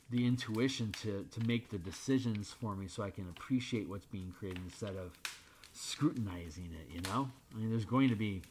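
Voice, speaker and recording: A man's voice: on the low side, a little hiss or hum. Rambling, candid man chatting while drawing. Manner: rambling, candid, swears freely. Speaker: streamer drawing art. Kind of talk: casual rambling stream chat.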